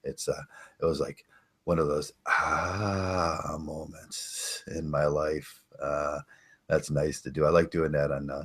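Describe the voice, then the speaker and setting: Very deep-voiced older man rambling. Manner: rambling, halting, many fillers and restarts. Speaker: podcast host. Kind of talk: casual live-stream chat.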